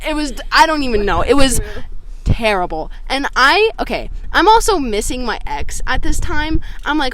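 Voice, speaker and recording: A young woman telling a story on a casual podcast, animated and swearing a lot, recorded inside a car. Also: high-pitched, moderate pace, a little hiss or hum.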